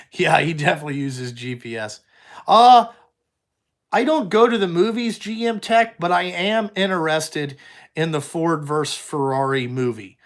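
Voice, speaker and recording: Young trucking boss, fairly high-voiced man, blunt and profane, rambling live chat with viewers. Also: unhurried, a bit bright. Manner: blunt, heavy swearing, rambling. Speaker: trucking company owner. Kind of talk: casual livestream chat answering viewers.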